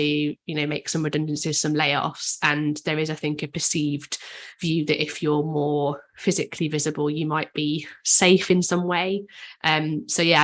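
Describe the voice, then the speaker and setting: Woman co-host, low-pitched, even delivery, chatty and tentative. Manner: hedging, thinking aloud with many "sort of"s. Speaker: podcast co-host. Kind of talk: casual discussion.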